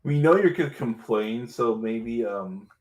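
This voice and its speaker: A man's voice: medium pitch, expressive, measured pace, a little mellow. A man co-hosting a casual podcast livestream, complaining animatedly about games. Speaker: podcast co-host. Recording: roomy echo.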